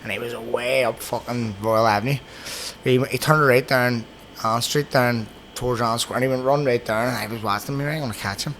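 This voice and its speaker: A man with a Belfast accent hosting a podcast, telling rough, swear-filled anecdotes in casual chat. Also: medium pitch, moderate pace, a little hiss or hum. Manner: swears constantly, animated anecdotes. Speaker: podcast host.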